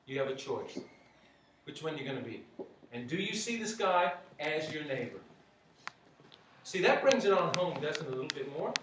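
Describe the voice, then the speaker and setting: A man's voice: high-pitched, fairly bright tone, slight background noise. A man teaching a group, asking many rhetorical questions and repeating phrases. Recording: very echoey, from far off.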